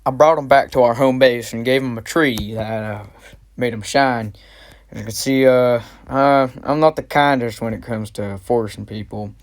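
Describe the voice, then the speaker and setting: A man's voice: mid-range voice, steady tone, normal speed, lightly acted. A young man playing a boastful, slangy tough soldier who narrates in an amateur history comedy sketch. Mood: cocky. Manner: cocky, slangy. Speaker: narrator of a flashback in a school history skit.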